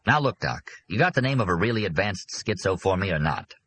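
A man voicing a pushy, excitable middle-aged businessman who talks impatiently and blurts out his ideas in an audiobook. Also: deep voice, fairly quick, slightly rough, exaggerated voice. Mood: brash.

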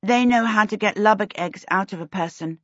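A woman's voice: medium pitch, fairly quick, fairly bright tone, no echo, natural voice. A woman voicing a sensible young girl who speaks plainly and earnestly. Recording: dull lo-fi recording.

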